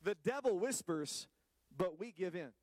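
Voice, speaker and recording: A man preaching a sermon to his congregation, animated, with playful asides to the listeners and drawn-out words for emphasis. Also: high voice, dry recording. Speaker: pastor.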